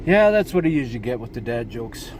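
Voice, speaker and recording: A man's voice: medium pitch, very animated, a little fast, a little mellow, slight background noise. A man vlogging from his truck, telling stories and dad jokes in a folksy, chuckling way. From Canada. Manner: folksy, chuckling, says "you know" often. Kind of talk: casual storytelling and dad jokes. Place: in a truck or vehicle.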